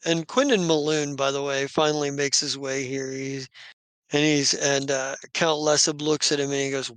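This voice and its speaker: Halting male game master narrating. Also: on the high side, little pitch movement, a bit bright, smooth, dry recording. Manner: halting, full of restarts.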